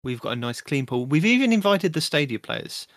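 A man's voice: a little high, very animated, a little fast, no echo, studio quality. A man hosting a casual gaming podcast, reading update notes aloud and breaking off into joking asides. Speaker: podcast host.

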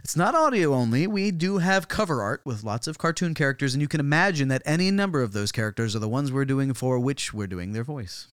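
A man's voice: medium pitch, animated, brisk, hardly any pauses, a bit bright, clean tone, no echo, clean studio sound. A man co-hosting a comedy podcast, trading playful, theatrical improvised banter. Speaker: podcast co-host.

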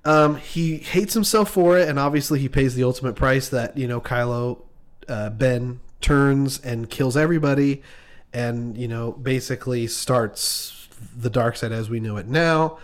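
A man talking casually about a film. His speech rambles, restarts and leans on fillers. The voice sits at a middling pitch. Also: unhurried.

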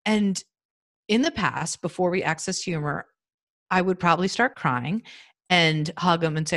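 A woman in her fifties talking earnestly in a casual podcast interview over a remote call, in short halting phrases. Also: on the low side, fairly bright tone. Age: 50s. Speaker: guest. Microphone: remote audio call.

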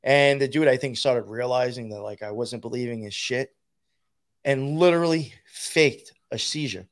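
A man's voice: mid-range voice, normal speed. A man telling a rambling, profane story in casual conversation, laughing as he goes. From New York.

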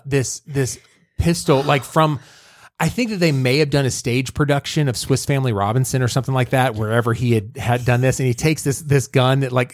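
A man's voice: medium pitch, darkish tone, no room sound. Rambling, laughing podcast guy. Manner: rambling, laughing, many fillers and restarts. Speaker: podcast host. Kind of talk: casual movie recap chat.

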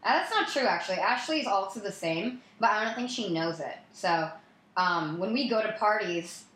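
A woman's voice: medium pitch, normal speed. Rambling woman in an echoey room. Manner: rambling storyteller, animated, giggly. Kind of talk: casual chat.

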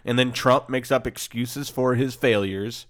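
A man's voice: mid-range voice, fairly even intonation, a little slow, fairly bright tone. A man co-hosting a casual podcast who grumbles in a resigned, profane way. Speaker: podcast co-host. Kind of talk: casual chat.

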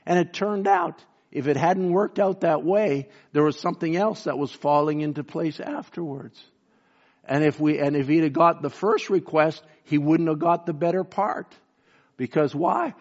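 A man preaching a sermon, swinging from fervent, raised emphasis down to low, slow and quiet passages. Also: lo-fi sound.

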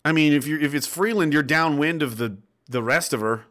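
With a slightly high voice and a brisk pace, a Nova Scotia man hosts a livestream and reads viewer comments out loud. His rant is sarcastic and animated, peppered with swearing and plenty of laughs.

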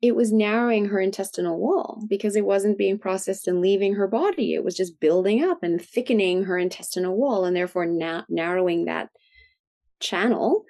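A woman's voice: mid-range voice, moderate pace, mellow. A middle-aged woman, a guest expert, chatting and explaining in an interview and often ending points with "right?". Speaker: guest expert on food sensitivities. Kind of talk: conversational interview.

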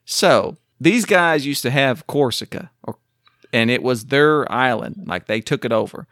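Animated bright-voiced man rambling excitedly. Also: medium pitch, a little slow, no echo, studio quality. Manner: excitable, rambling history explainer. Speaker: podcast co-host. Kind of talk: casual chat.

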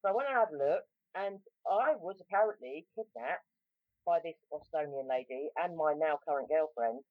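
A woman's voice: sits low, lively intonation, normal speed, no room sound. A woman with a South London accent telling a story in a casual chat, rambling with lots of ums and restarts. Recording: tinny phone-like line, dry.

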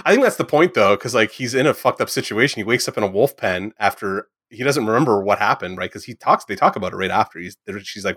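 A man chatting casually about a movie, rambling with lots of fillers and animated retellings. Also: lowish voice, quick pace, hardly any pauses, no echo, studio quality.

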